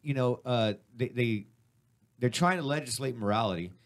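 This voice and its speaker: A man hosting a casual radio show, chiming in with excited, profane questions. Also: mid-range voice. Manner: fast, excitable, profane interjections.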